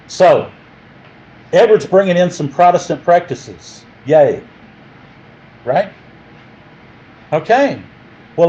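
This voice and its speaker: A man lecturing a class, playful and animated, stopping to quiz the room. His voice sits at a middling pitch. The recording is a little muffled, with a faint hiss. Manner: jokey, animated, quizzes the class. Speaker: teacher.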